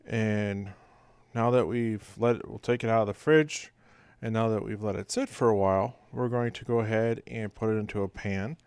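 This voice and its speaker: A man's voice: on the low side, fairly even intonation, normal speed, darkish tone, clean tone, no room sound, clean studio sound. A middle-aged man casually talking through a home cooking video in a rambling, folksy way, recorded as a voice-over. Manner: rambling, folksy, with many uh fillers. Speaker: home cook.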